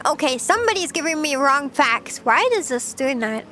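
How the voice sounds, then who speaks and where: A woman's voice: sits high, very animated, moderate pace, bright, forceful tone, a little hiss or hum. A young woman streaming casual chat, playful and chatty, often giggling as she reads her chat. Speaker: VTuber streamer.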